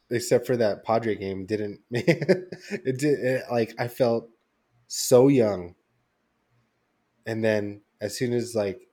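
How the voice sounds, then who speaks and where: A man's voice: fairly low pitch, warm tone. A young man co-hosting a podcast, telling a story in casual chat with lots of fillers and restarts. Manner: rambling storytelling with many fillers. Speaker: podcast co-host.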